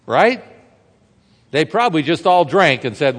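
A man with a high voice preaches a verse-by-verse sermon, keeping it conversational and asking the congregation rhetorical questions. His voice rings with the long reverb of a large hall. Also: very animated, measured pace, a bit bright. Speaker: pastor. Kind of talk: expository sermon.

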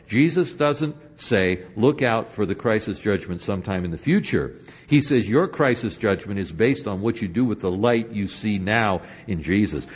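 Older guy pastor giving a sermon, kinda husky, muffled lo-fi recording. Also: mid-range voice. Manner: lively preaching, swinging between emphatic and hushed.

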